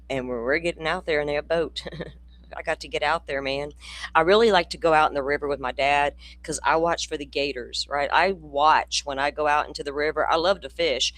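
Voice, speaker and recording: With a deep but fairly bright voice, an older woman from Florida hosts her true crime channel's laid-back livestream, addressing viewers by name while laughing and swearing without restraint.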